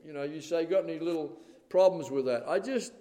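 A man's voice: a little high, a little fast. Emphatic older man preaching in a hall. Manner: emphatic, rising to loud stresses, calls of "amen?". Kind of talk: sermon. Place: church. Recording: reverberant hall.

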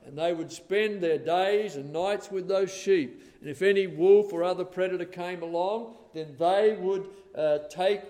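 A man with a high voice preaching a sermon. He speaks earnestly and at a measured pace, and he slows down to stress each scripture quote. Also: warm tone.

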